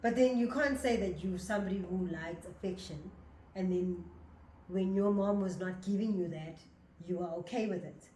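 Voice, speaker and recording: A woman's voice: lowish voice, normal speed, mellow. A middle-aged woman from South Africa in a heartfelt podcast conversation with her daughter. She asks pointed, searching questions in an earnest way. Her voice carries a noticeable room echo over a faint background hiss. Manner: earnest, probing, emotional. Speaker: podcast co-host, mother. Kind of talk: casual heart-to-heart chat. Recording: echoey room with faint noise.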